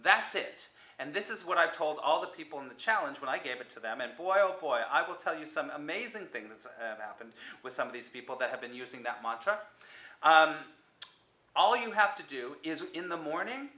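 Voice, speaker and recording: A man giving a motivational self-help talk to the viewer, coaxing and repetitive, sometimes dropping to a soft near-whisper. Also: a little high, animated, brisk, roomy sound, poor audio.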